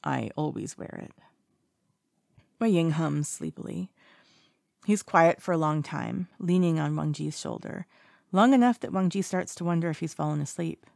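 A woman narrates fiction in a calm, even audiobook reading. Her voice is low with a gravelly texture, and the sound is dry and close. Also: normal speed, no echo.

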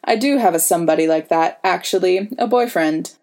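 A weary, kind man in a prison cell, as a woman narrator reads him. He speaks quietly and steadily, with a low, mellow tone in an audiobook telling. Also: fairly quick, natural voice.

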